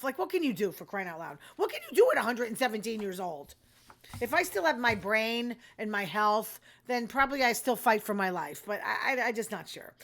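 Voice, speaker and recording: A woman's voice: fairly high pitch, a bit bright. An older woman, hosting a casual monologue in a blunt, rambling, self-deprecating way. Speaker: host.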